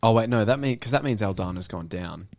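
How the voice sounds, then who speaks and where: A man co-hosting a casual podcast, giving quick, brief replies and opinions. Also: fairly low pitch, lively intonation, no room sound. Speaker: podcast co-host. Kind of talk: casual sports chat.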